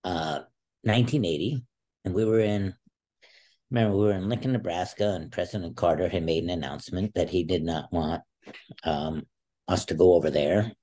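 A man's voice: low-pitched, moderate pace, mellow. A man in his sixties, a former wrestler and teacher, telling stories as a podcast guest and acting out the people he quotes. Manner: vivid storyteller who acts out quoted voices. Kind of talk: storytelling interview talk.

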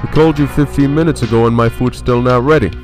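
A man's voice: medium pitch, steady tone, fast, music in the background, pitched above the performer's own voice, lightly acted. A man voicing an arrogant, spoiled rich young man who is rude and impatient, speaking in a sneering, demanding way.

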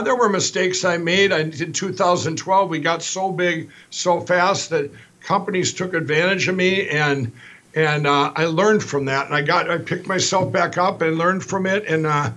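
A middle-aged man from Minnesota, a company founder telling his story as a guest, in a rapid, rambling, animated style with many restarts. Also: sits high.

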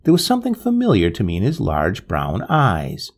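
Gravelly male storyteller with swooping pitch. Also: wildly swooping pitch. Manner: measured, dramatic, with wide swings of pitch. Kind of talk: scripted narration of a gothic tale.

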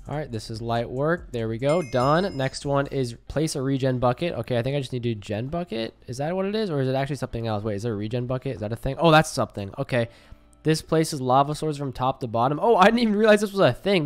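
A young man giving casual gameplay commentary, excitable and quick to panic when attacked. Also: mid-range voice. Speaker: gaming YouTuber.

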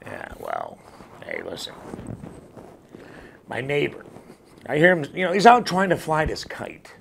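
A man hosting a comedy rant show, telling jokes with a loud, punchy delivery. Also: a little high, huge pitch swings, measured pace, vocal fry, long pauses, a little hiss or hum.

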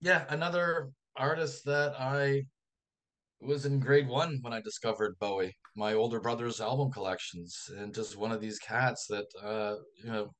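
A male author, a guest on a radio interview, telling a long anecdote in a lively raconteur's manner. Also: mid-range voice, moderate pace. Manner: lively raconteur, acts out quoted voices.

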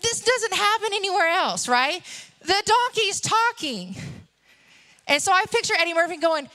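A woman's voice: very high-pitched, sing-song, normal speed, sharp tone. A woman in her thirties preaching a sermon, telling stories and acting out the characters. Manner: storytelling, acts out characters.

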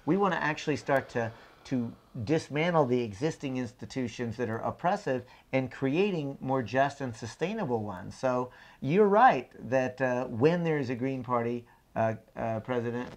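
A man's voice: medium pitch, expressive, normal speed. Impassioned man speaking emphatically. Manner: emphatic, builds with repeated phrases. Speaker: political activist guest. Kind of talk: impassioned conversational speech.

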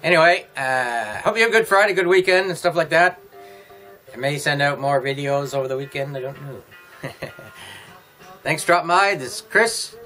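A man casually reviewing beer and snacks in a home vlog, rambling and halting, chewing as he talks. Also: fairly high pitch, animated, bright, forceful tone, faint music behind, low-quality recording. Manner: rambling, halting, chatty with himself. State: eating while talking.

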